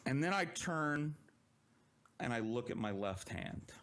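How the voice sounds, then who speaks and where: A man telling a long personal story on a podcast in a casual, profane and animated way. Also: mid-range voice, a little slow.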